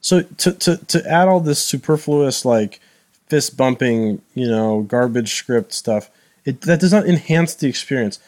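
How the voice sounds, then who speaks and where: A man co-hosting a casual gaming podcast, halting and repeating words as he searches for them. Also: medium pitch, lively intonation, a little mellow. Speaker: podcast co-host. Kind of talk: casual chat.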